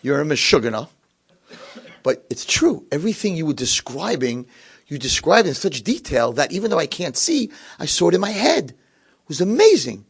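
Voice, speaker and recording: A man voicing a miserable, cranky blind old man in a nursing home, shouting in a high, strained voice. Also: sing-song, moderate pace, breathy edge, full character voice. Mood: grudging warmth.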